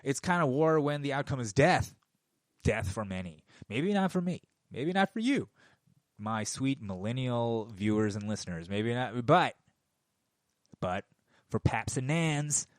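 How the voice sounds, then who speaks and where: A man's voice: medium pitch, dry recording, clean studio sound. A man in his forties ranting casually and heatedly into a microphone, swearing constantly. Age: 40s. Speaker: podcast host. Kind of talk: casual rant. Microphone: studio microphone.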